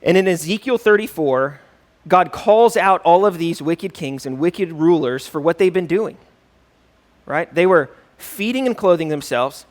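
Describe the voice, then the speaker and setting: A man's voice: a little high, animated, unhurried. A male pastor teaching a church class in a conversational way, often checking in with "right?" and reading scripture aloud with rising emphasis. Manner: conversational, keeps asking "right?".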